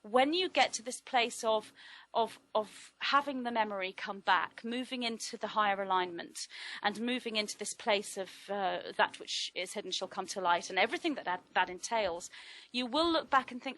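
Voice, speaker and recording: A middle-aged woman giving a reflective spiritual talk, speaking in a measured, deliberate way with trained vocal projection. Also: fairly high pitch, lively intonation, a bit bright, rough recording.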